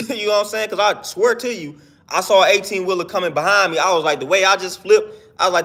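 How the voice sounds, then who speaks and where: A man's voice: high voice, fast, pushed and bright. A young man in his twenties talking earnestly in a casual live-stream monologue, slangy and repeating himself for emphasis.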